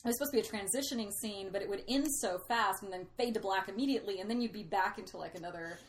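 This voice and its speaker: A woman's voice: mid-range voice, very fast. A woman chatting about a movie with friends, slightly tipsy after a few cocktails. She hesitates and restarts often, in a mid-range voice over a faint noise. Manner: hesitant, restarts a lot, laughs at herself. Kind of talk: casual film discussion.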